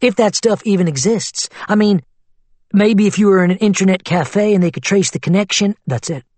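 A worried, skeptical woman questions and reasons in a level tone, as a male narrator voices her. The voice is husky. The recording is close and dry. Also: high-pitched, moderate pace, darkish tone, no echo, voice pushed up. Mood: reasoning.

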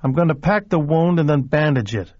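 A man reading a cool, brisk, matter-of-fact former doctor with a clinical manner. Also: a little high, expressive, a little mellow, no room sound, highs cut off, voice pushed up. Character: cold, clinical older male ex-doctor.

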